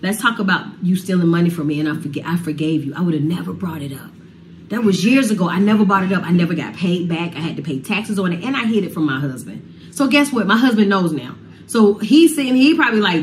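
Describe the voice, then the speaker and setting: A woman's voice: on the low side, animated, fast, slight background noise. A woman talking with passion about a family falling-out, heartfelt and casual. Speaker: singer telling her side of a family feud. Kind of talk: emotional sit-down talk.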